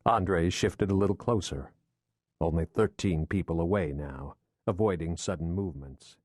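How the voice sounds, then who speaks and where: Male audiobook narrator, low voice, dry close sound, steady thriller reading. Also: no echo. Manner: measured, steady storytelling.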